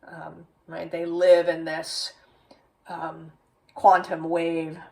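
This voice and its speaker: A woman reads tarot cards in an unhurried, low-pitched voice, musing aloud and checking in with "right?". She sits a little way back from the mic, so her voice sounds slightly distant. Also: monotone, gravelly, a little mellow. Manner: slow, musing, with many "right?" tags. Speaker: tarot reader. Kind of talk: tarot reading.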